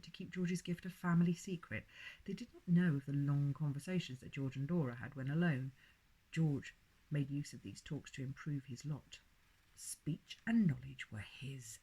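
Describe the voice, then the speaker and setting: A woman reading a children's book aloud as a bedtime story, expressive and soft. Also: low-pitched, moderate pace, slightly rough.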